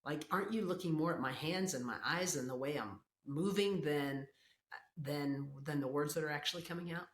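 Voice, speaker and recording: Low voiced woman host, eager, stumbles a bit, roomy echoey sound. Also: moderate pace. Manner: enthusiastic, stumbles and restarts when asking. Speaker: podcast host. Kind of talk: conversational interview.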